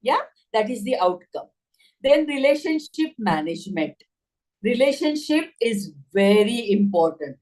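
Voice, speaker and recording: A woman's voice: a little high, sing-song, unhurried, a little mellow, low-quality recording. A middle-aged woman giving an online lecture to nurses, speaking in an emphatic, earnest way and repeating points to drive them home. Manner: emphatic, repetitive, earnest teaching tone. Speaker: nursing webinar speaker.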